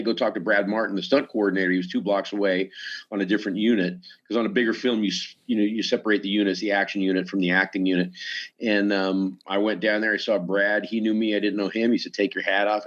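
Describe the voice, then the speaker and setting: In dull audio, a man with a fairly low voice, a stuntman by trade, guests on a podcast telling easygoing stories. He's animated and performs the quoted lines himself.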